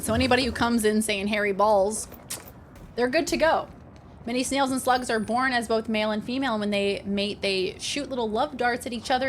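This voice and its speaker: Young woman streamer, sarcastic and sweary, slightly high voice, chatting to chat. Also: fairly bright tone, a little hiss or hum. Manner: playful, sarcastic, swears freely. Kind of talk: casual live-stream chat while gaming.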